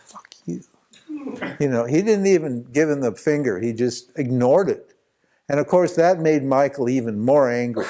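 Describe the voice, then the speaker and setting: Animated older-sounding storytelling teacher. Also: male voice, on the high side. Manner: rambling, animated anecdote with many restarts and laughs. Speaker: spiritual teacher. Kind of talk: storytelling talk at a retreat.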